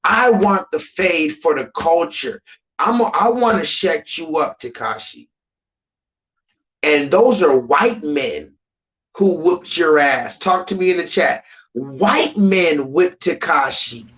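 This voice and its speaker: A man's voice: on the high side, expressive, takes it slowly, fairly bright tone, low-quality recording. A man ranting on a live stream, emphatic and repetitive, swearing freely.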